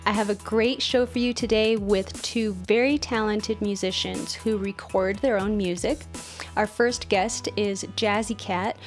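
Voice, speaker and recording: Woman, podcast host, casual chat, joking asides, faint music behind. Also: mid-range voice. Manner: chatty, self-mocking asides.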